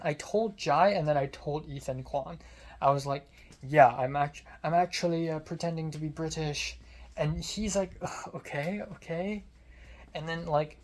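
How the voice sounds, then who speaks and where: A young man, a film student, telling a rambling, self-deprecating story to camera with deadpan asides. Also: fairly high pitch. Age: young adult. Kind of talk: casual vlog storytelling.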